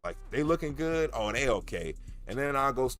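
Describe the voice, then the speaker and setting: Male livestream host, lively pitch, loose and jokey rambling delivery. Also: normal speed. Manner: animated, rambling and jokey, with many restarts. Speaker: cannabis grow livestream host. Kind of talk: casual livestream chat.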